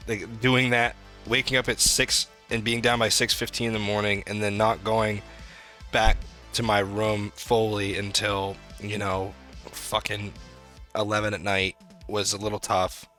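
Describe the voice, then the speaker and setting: Bright-voiced young man, rambling storyteller. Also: lowish voice, measured pace, soft background music. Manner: rambling, animated storytelling with profanity. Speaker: podcast co-host. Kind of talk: casual chat.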